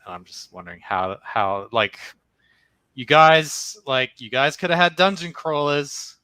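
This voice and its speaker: Animated ranting man, bright dry voice. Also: a little slow, clean tone, dry recording. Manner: animated, swearing, jumps into mocking high voices when quoting. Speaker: podcast co-host. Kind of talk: casual ranting chat.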